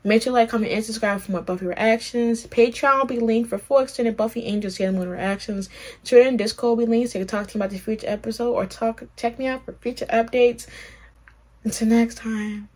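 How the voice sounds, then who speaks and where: A young woman hosting a reaction channel, talking in a rambling, excitable way with plenty of swearing and fillers. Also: fairly high pitch, fast. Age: young adult. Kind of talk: casual reaction commentary.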